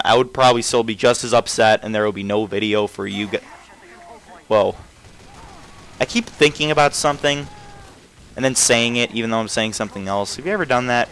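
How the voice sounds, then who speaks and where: A man's voice: mid-range voice, a bit bright, clean tone, poor audio. A young man giving casual, rambling commentary over a video game, often stopping and restarting his thoughts. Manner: rambling, self-interrupting, trails off often. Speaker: gameplay commentator.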